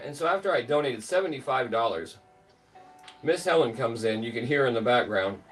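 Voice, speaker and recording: A man's voice: mid-range voice, lively intonation, a little fast. Middle-aged man, livestream host, rambling casual storytelling, lots of ums, slightly distant mic, faint music behind. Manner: rambling, filler-heavy, greets chat by name.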